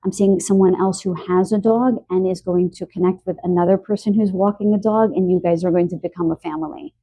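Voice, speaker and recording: A woman giving a spoken tarot card reading, a little stuffy from allergies and clearing her throat, talking softly and earnestly with emotion. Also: fairly low pitch, fairly even intonation, fairly quick, slight background noise. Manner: soft, earnest, emotional about animals.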